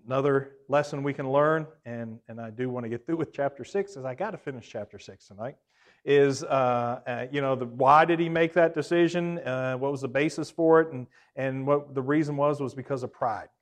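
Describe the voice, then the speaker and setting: A man leading a Bible class, talking conversationally, asking the group questions, with hesitant fillers, self-corrections and emphatic rises on key points. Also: medium pitch. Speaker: Bible study teacher.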